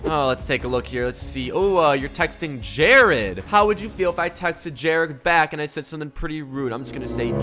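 Lively young man narrating game roleplay. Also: fairly high pitch, brisk, few pauses, soft background music. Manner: animated, switches between playful and mock-angry. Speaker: YouTuber narrating roleplay gameplay. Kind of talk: casual roleplay commentary.

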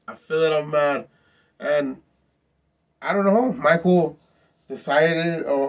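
Brief: male vlog host, higher-pitched voice, rambling and profane storytelling. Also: creaky, recorded from a distance. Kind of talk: casual storytelling.

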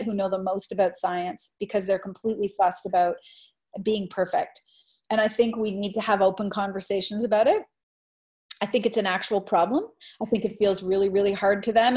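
A woman speaking over a video call as an education presenter, her voice sitting at a middle pitch. She answers questions in an earnest, reflective way and leans on "I think" as she reasons aloud. Retelling classroom moments brings out a lively, animated edge. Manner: grows animated when retelling classroom stories. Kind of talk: webinar Q&A answer.

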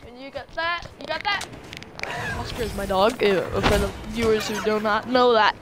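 A woman streaming a game live, chatting casually in an excitable, slangy way and giggling often. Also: fairly high pitch, moderate pace, background noise. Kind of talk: casual live gameplay chat.

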